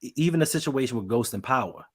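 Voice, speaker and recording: A man with a Baltimore accent chats on a podcast, acting out the voices in his stories. His tone is a little husky and rough at the edges. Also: mid-range voice, fast. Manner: animated storyteller, acts out quotes. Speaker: co-host. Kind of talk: casual podcast chat.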